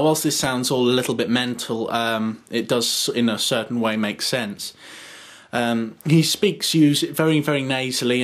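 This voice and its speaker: A man casually explaining a how-to, hesitant and full of ums, modest about his own skill. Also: medium pitch. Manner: hesitant, lots of ums, self-deprecating. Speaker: video tutorial maker.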